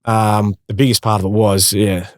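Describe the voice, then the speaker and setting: Australian man, thirties, low-pitched, matey storyteller, dry close sound. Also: little pitch movement, normal speed, no echo. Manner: matey, laughing, acts out quotes. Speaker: guest, former footballer. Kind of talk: casual storytelling interview.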